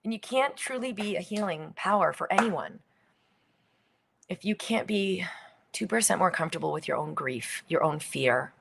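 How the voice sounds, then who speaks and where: A middle-aged woman hosting a book launch livestream, reading and talking in an animated way with some whispered moments. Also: fairly low pitch, moderate pace, creaky, a little hiss or hum. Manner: animated, acts out little quoted voices, drops to near whispers.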